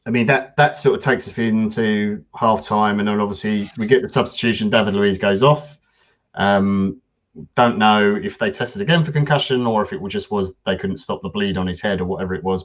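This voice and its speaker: A man with a lowish voice co-hosts a casual football podcast. He talks in a relaxed, measured way with frequent ums. The recording sounds dull and lo-fi. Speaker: podcast co-host.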